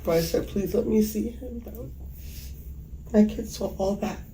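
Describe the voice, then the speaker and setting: A woman giving emotional interview testimony as a mother, halting and hesitant with many pauses. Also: medium pitch, mellow. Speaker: mother recounting a killing. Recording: echoey room with faint background noise.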